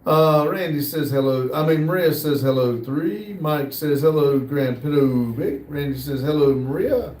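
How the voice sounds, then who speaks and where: A man's voice: a little high, darkish tone, far from the mic. Easygoing American man in a roomy space. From United States. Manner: easygoing, hesitant, frequent "uh" pauses. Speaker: livestream host. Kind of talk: casual live chat, reading viewer comments aloud. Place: workshop building near a shop area. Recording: roomy sound, voice from off the mic.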